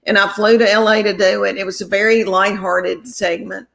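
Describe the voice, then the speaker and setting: A woman spins rambling showbiz stories. She acts out every quote and keeps the chat lively and casual. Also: medium pitch, normal speed, creaky. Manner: rambling, animated anecdotes with quoted dialogue. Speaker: comedian guest. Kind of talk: storytelling interview chat.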